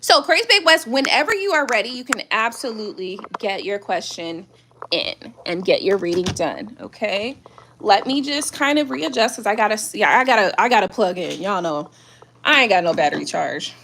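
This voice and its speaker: A woman's voice: medium pitch, sing-song, moderate pace, vocal fry, background noise. A middle-aged woman reading tarot on a live stream, chatting casually in slang and laughing often.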